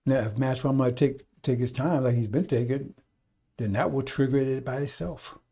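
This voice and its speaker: A man's voice: medium pitch, moderate pace, dark tone, slightly rough. A man talking on a radio stream, rambling and scolding in a folksy way, now and then mocking people in put-on voices. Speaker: radio preacher. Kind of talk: unscripted radio talk.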